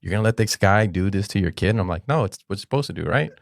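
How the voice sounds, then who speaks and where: A middle-aged man co-hosting a podcast, telling animated stories and acting out the quotes. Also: fairly low pitch, racing, vocal fry, dry recording, clean studio sound. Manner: animated storytelling, acts out quotes. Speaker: podcast co-host. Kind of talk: casual chat.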